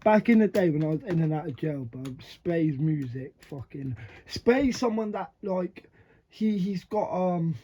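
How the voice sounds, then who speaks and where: A man's voice: fairly high pitch, animated, unhurried, mellow. A man giving blunt, slangy reaction commentary, swearing often and laughing between remarks. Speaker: reaction video host. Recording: dull lo-fi sound.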